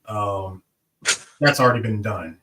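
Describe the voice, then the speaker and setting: A man co-hosting a podcast, chiming in with dry, quick remarks in casual chat. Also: on the low side. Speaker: podcast co-host. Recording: distant mic with faint hiss.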